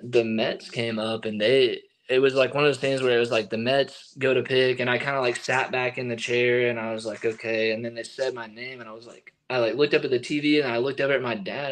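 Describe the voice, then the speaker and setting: A young man, a baseball pitcher being interviewed, telling a story in a relaxed way full of fillers and restarts. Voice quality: relaxed, filler-heavy with many likes and restarts. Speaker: guest, baseball relief pitcher.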